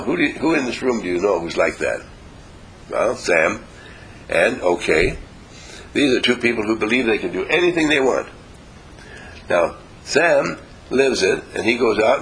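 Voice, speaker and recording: Animated man leading a seminar. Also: lowish voice, slight background noise, rough recording. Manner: animated, acts out little dialogues; coaxes the audience to answer louder. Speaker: seminar leader. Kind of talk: motivational seminar talk. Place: meeting room with a live audience.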